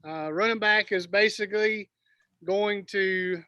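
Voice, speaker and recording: A man's voice: high-pitched, steady tone, unhurried, sharp tone, dry recording, dull audio. A man coaching quarterbacks in a virtual session, explaining plays and correcting himself. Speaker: football coach.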